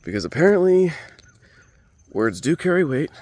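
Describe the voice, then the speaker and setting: Male comedian, digressive self-mocking storyteller; lively, animated pitch. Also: normal speed. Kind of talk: rambling comedic storytelling monologue.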